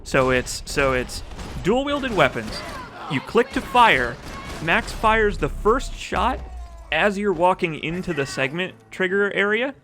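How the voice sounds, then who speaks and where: A man's voice: high voice, very animated, a little slow, sharp tone. A man commenting casually on his own speedrun video, joking, swearing and rambling, reading chat aloud, recorded as a desk-mic voice-over. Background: game music.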